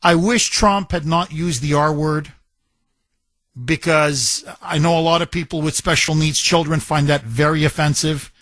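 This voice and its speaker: A man's voice: fairly high pitch, steady tone, moderate pace, a bit bright, no room sound. A middle-aged man hosting a talk radio show, ranting in a combative, sarcastic way. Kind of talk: opinionated talk radio monologue.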